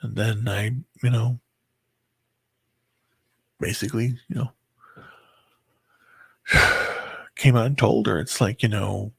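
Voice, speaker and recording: A man telling a painful personal story in a halting, rambling way, full of filler words and bitterness. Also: lowish voice, fairly even intonation, a bit bright, dry recording. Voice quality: very husky, gravelly. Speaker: person recounting a breakup.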